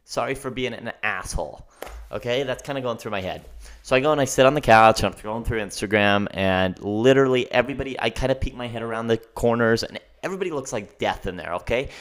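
A man's voice: mid-range voice, fast talker. Ranting young man telling a story. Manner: ranting and animated, keeps asking "okay?". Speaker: podcast host. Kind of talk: casual storytelling monologue.

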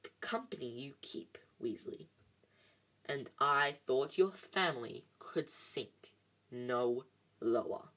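A reader voicing a cold, sneering aristocratic wizard father who speaks slowly, quietly and with contempt in a storybook reading. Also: medium pitch, lively intonation, pitched below the performer's own voice. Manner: slow, quiet, drawn-out contempt.

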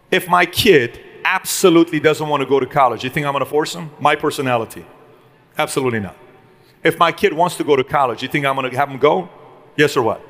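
A middle-aged man giving an energetic motivational talk to a live audience, firing rhetorical questions at the room. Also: a little high. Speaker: business speaker.

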